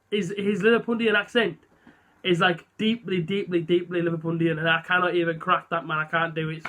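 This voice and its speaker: A young man chatting casually to camera, rambling and self-deprecating with lots of fillers. His voice is high and bright. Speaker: vlogger. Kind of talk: casual vlog chat.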